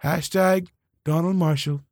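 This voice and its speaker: Male podcast co-host, high and animated, dry close mic. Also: unhurried, no room sound. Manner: loud, joking, laughing. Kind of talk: casual chat.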